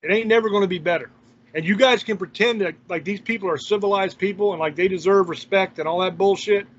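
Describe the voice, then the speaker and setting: A man's voice: high voice, quick pace, a bit bright. Blunt, profane man ranting. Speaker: channel host. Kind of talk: heated opinion rant. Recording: dull lo-fi recording.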